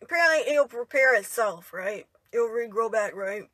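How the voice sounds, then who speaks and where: A woman's voice: fairly high pitch, expressive, fairly quick, pushed and bright, no room sound. A young woman telling a story in a rambling, indignant way, ending her lines with "right?" and "you know". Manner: indignant retelling. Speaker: vlogger. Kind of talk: storytime monologue.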